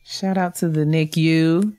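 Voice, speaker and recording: A woman co-hosting a podcast, reading listener shout-outs and cheering them on, laughing easily. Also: sits low, steady tone, unhurried. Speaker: podcast co-host. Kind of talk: casual chat, reading listener emails.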